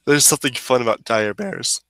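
Bright-voiced man running a tabletop game. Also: medium pitch, animated, a little fast, no echo, low-quality recording. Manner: casual, joking, narrates monster attacks. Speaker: game master.

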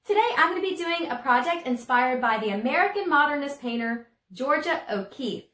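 A woman's voice: high-pitched, lively intonation, fairly quick, fairly bright tone. A woman art teacher with a Southern US accent, giving a friendly home video art lesson for children and explaining as she draws. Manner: friendly, chatty, explains while drawing. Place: home room. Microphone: phone camera.

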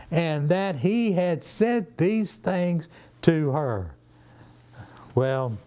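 A man with a Southern US accent, a pastor leading a Bible study in a church, animated and acting out the scripture he quotes. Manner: animated, acts out scripture quotes with rising pitch.

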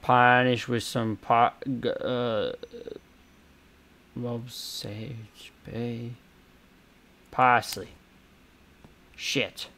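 A young man giving casual, chaotic gameplay commentary, muttering and swearing, with sudden loud outbursts. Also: mid-range voice, little pitch movement, very slow, creaky, long pauses.

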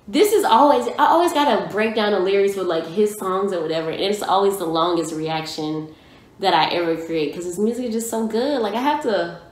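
Young female reaction vlogger, lower register, emphatic casual delivery, roomy echo. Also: a little hiss or hum. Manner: excitable, emphatic, slangy. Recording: echoey room.

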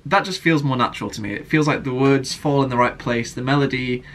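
A man's voice: medium pitch, fairly quick, a bit bright, faint music behind. A young man in a casual vlog Q&A, earnestly answering viewer questions about writing worship songs. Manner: earnest, sings example lines himself.

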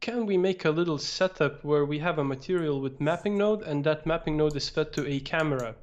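A man co-hosting a live software Q&A, calmly suggesting steps and relaying questions from chat. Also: fairly high pitch, a little fast. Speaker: product specialist and co-host. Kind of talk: live-stream software tutorial Q&A.

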